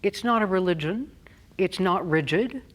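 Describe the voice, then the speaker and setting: A woman voice coach giving a clear, deliberate spoken lesson on stressing words. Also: fairly low pitch, lively intonation.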